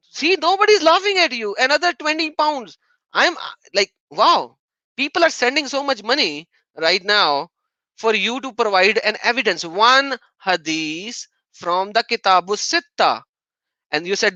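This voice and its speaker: A man's voice: extremely high pitch, pushed and bright, no echo, rough recording. A man hosting a live-stream debate chat, taunting and sarcastic, often laughing mockingly. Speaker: livestream host.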